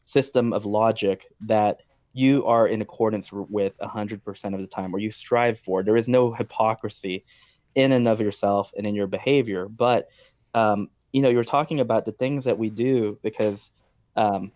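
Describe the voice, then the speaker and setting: A man's voice: on the low side, steady tone, moderate pace, a little mellow, dry recording. A man hosting a podcast, telling long stories in a casual, talkative way with frequent ums and likes. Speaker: podcast host. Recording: dull dry lo-fi sound.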